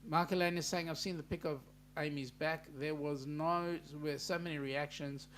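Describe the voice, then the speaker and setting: A man's voice: on the high side, fairly even intonation, normal speed, a bit bright, a little hiss or hum. A man with an Australian accent hosting a casual live stream, chatting easily and reading out viewer comments. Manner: chatty, easygoing banter with viewers.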